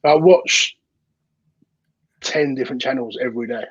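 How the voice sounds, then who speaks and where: A man's voice: mid-range voice, normal speed, husky, no room sound, low-quality recording. A man from the UK with a British accent, chatting as a guest on a podcast and often repeating words as he starts his sentences. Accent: British English. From United Kingdom. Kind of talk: casual chat.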